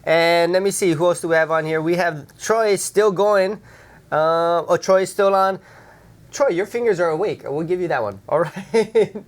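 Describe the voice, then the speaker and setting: A man's voice: high-pitched, moderate pace. A man co-hosting a church livestream, chatting casually, joking and reading out viewers' messages. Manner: friendly and joking, reads out viewers' chat messages. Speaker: co-host of a church pre-service livestream. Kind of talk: casual chat.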